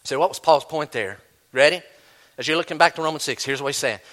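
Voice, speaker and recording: A male pastor preaching a sermon, animated, acting out imagined voices as he teaches. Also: fairly high pitch, fast.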